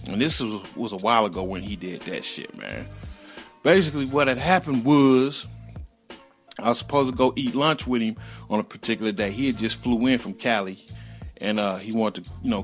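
A man hosting his own podcast, telling a story in loose, slangy casual talk and jumping high when he acts out heated moments. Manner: loose, slangy, animated retelling with sudden high-pitched outbursts. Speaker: podcast host.

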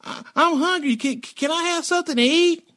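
A man's voice: very high voice, normal speed, bright, forceful tone, pitched above the performer's own voice. A man voicing a shameless neighborhood boy who begs for food with a stammer. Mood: pleading. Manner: pleading, stammering.

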